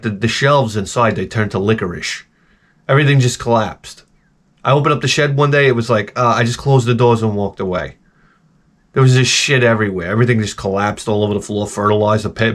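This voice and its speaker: A video host with a lowish, fairly quick voice tells stories in a casual, profane, exasperated rant. He keeps breaking into exaggerated voices, acting them out in bursts during the monologue.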